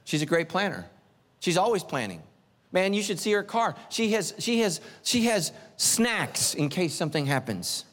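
A senior pastor with a high male voice delivers a humorous sermon at a moderate pace, using the animated, self-mocking timing of a storyteller. Each line rings out with long church-hall reverb.

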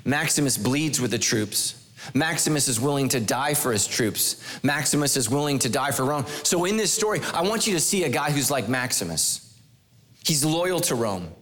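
A man preaching a sermon, animated and emphatic, with humor and rhetorical questions. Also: mid-range voice, moderate pace. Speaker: pastor.

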